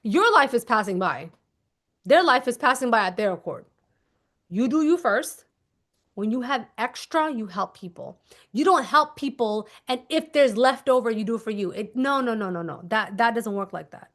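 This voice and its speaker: Woman, manifestation coach, a touch high-pitched, casual and emphatic, repeats her key instructions. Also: normal speed. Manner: animated, acts out little scenes. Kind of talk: casual teaching monologue.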